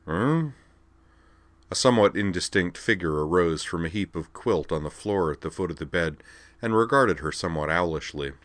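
A man narrating fiction aloud in a calm, measured storytelling manner. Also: low-pitched, no echo. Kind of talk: audiobook-style fiction reading.

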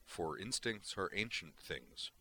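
A man reads an unflappable male alien officer, in an audiobook, with a deep, low voice and crisp, bright diction. Every word is measured, formal and free of feeling. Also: a little hiss or hum. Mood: earnest. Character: calm, precise male alien science officer.

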